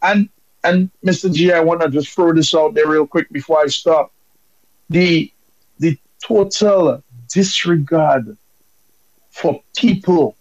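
A man's voice: on the high side, takes it slowly, dry recording, dull audio. A man from Dominica calling in with impassioned, emphatic political commentary.

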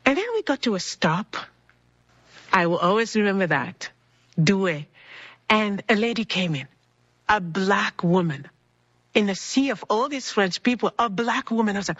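Brief: woman, animated storyteller, husky and dry voice, slightly dull recording. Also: medium pitch, normal speed, long pauses, no room sound. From Congo. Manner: animated, acts out dialogue in voices. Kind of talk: personal storytelling. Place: cold indoor building.

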